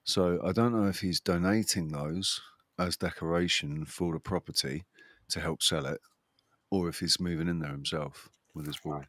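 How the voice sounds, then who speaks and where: A man's voice: low-pitched, fairly even intonation, normal speed, fairly bright tone, dry recording, clean studio sound. A man hosting a livestream in casual chat, rambling and restarting his sentences, with a chuckling laugh. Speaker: livestream host.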